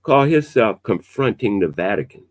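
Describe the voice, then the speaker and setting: Black guy hosting a podcast chat, pitch jumping all over, dead dry sound. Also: moderate pace, no echo. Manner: animated, emphatic, loose conversational delivery with a playful edge. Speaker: podcast host. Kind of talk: casual opinionated chat.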